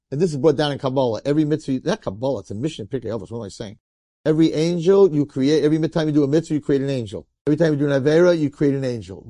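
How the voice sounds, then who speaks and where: Mellow-voiced rabbi telling a story. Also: male voice, fairly high pitch, no echo. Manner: animated, colloquial, acts out the characters. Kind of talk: storytelling sermon.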